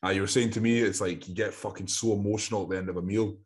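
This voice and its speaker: Low-voiced Scottish coach, sweary. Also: male voice, steady tone, very fast. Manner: sweary, says aye, acts out talks with clients. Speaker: podcast co-host, bodybuilding coach. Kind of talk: casual chat.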